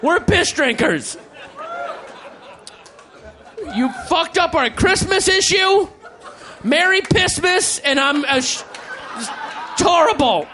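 Casting: man doing an exasperated yelling editor, high and shouty. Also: animated, slow, a faint crowd, heavily acted. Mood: furious. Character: ranting stressed male magazine editor.

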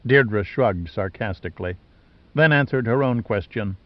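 A man narrates a dramatic novel in measured, steady storytelling. The recording is dry and close, with a slightly dull, lo-fi tone. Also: lowish voice, no room sound. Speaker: audiobook narrator. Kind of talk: scripted narration.

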